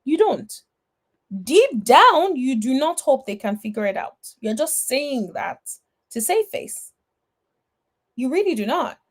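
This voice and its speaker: A woman's voice: sits high, big pitch swings, slow pace. A woman giving blunt, sassy reaction commentary on a reality TV episode, talking straight at the cast members. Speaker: reality TV recap vlogger.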